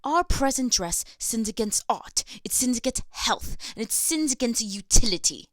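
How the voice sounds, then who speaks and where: A woman's voice: fairly high pitch, animated, moderate pace, voice pushed up, natural voice. A young woman putting on a British accent to voice a prim aristocratic lady reformer reading her pamphlet aloud. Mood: declaiming. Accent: put-on British.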